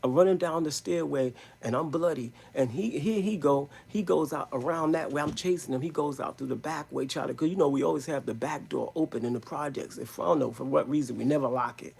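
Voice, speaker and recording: Gravelly man telling a rambling story. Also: fairly high pitch, fairly quick, few pauses, a little mellow. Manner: rambling, emphatic street-slang storytelling. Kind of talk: live storytelling stream.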